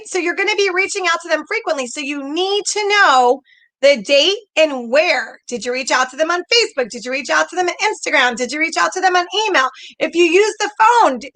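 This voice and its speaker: A woman's voice: very high-pitched, sharp tone. A woman coaching a group on direct sales in a chatty, upbeat way, often acting out messages. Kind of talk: casual coaching talk to an online group.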